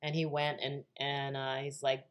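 A woman's voice: a bass voice, flat delivery, normal speed. A woman guest on a podcast, telling a story casually with lots of fillers, restarts and laughter.

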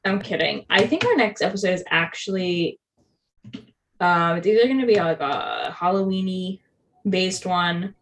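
A woman's voice: fairly low pitch, animated, moderate pace, slight background noise, rough recording. A young woman co-hosting a podcast in casual chat, chatty and giggly, with lots of "like" fillers. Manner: chatty, giggly, heavy use of "like". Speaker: podcast co-host.

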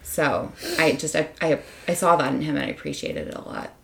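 A woman's voice: deep voice, big pitch swings, fairly quick, creaky, fairly bright tone. A tipsy young woman chatting earnestly on a podcast, rambling and fond of big words. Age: young adult. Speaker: podcast guest, host's friend. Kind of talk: casual podcast chat.

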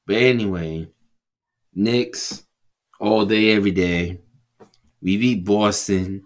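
A man co-hosting a podcast in casual banter, cursing freely, with loud exclamations and frequent laughs. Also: fairly low pitch, steady tone, slow. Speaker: podcast co-host.

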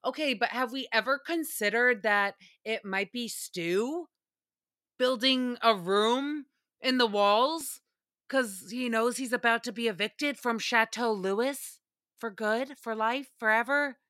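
A woman hosting a podcast, recapping a show in casual, profane, animated chat. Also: a little high, takes it slowly, clear, resonant tone, no echo, clean studio sound. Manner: chatty, profane, animated asides. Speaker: podcast host.

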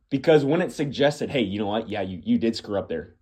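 Talking fast in a fairly low, expressive, slightly mellow and husky voice, this podcast host preaches earnestly at the listener. It's a monologue full of emphatic repetition, with the listener addressed as "my friend."

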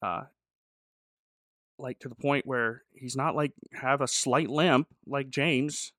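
Speaking slowly in a mid-range voice, a man who is both pastor and podcast co-host talks casually about a show, performing characters' lines with lively energy as he recounts scenes. The studio recording is dry and high quality.

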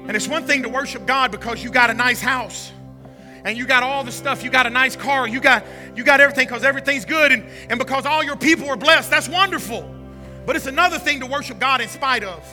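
A male pastor preaching a fervent sermon, repeating lines and rising to shouts. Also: very high voice, fast talker, music in the background. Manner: fervent, repetitive, builds to shouting.

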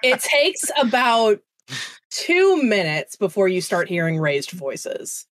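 A woman's voice: mid-range voice, big pitch swings, slow, slight background noise. A woman running a tabletop game as game master, narrating casually with swearing and laughter.

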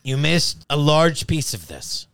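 A man with a slightly high voice, recorded dry and close, joins casual banter among friends. He is emphatic and repeats himself as he sets details of the story straight. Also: big pitch swings, slow pace, gravelly, fairly bright tone, smooth, dry recording. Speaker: podcast co-host.

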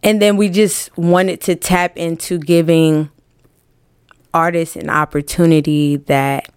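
A woman who promotes music artists talks in an unhurried, drawn-out way, blunt and joking with plenty of slang. Her voice sounds dry and close, as in a studio. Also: sits low, steady tone, a little mellow, clean tone, dry recording. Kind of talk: casual podcast interview.

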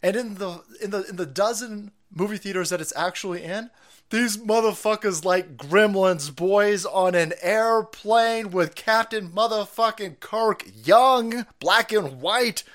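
A middle-aged man hosting a livestream, ranting in a loud, foul-mouthed, rambling way and laughing easily. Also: high voice, slow pace. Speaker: stream host. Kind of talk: profane ranting livestream monologue.

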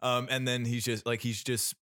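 A man's voice: medium pitch, flat delivery, moderate pace, a bit bright, no room sound, studio quality. A man co-hosting a podcast, casually reviewing a film, rambling with many fillers and restarts. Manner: rambling, lots of fillers and restarts, laughs often. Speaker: podcast co-host.

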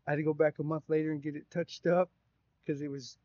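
A podcast co-host, a man with a fairly high voice, tells a rambling, profane story at a quick clip, animated and casual. The recording is dry with no echo and sounds slightly dull.

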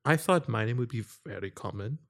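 A man's voice: mid-range voice, animated, brisk, creaky. A young man in casual chat, laughing often and acting out quotes as he tells stories.

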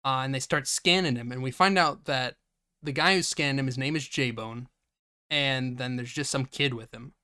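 A man's voice: mid-range voice, moderate pace, sharp tone, clean tone. A young man hosting a podcast, recapping a movie casually, laughing and swearing freely. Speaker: podcast host.

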